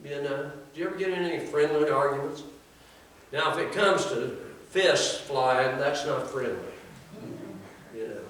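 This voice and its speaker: An older man preaches in a church, his slightly high, bright voice carrying through a very echoey sanctuary. He talks in a folksy, conversational way, with frequent asides to the congregation, heard from some distance off the mic. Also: moderate pace. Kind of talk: sermon.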